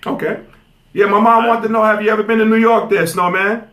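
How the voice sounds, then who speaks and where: A man in his fifties hosting a casual podcast interview, animated and playfully teasing, who laughs often. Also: high-pitched, a little fast. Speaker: host. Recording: echoey room.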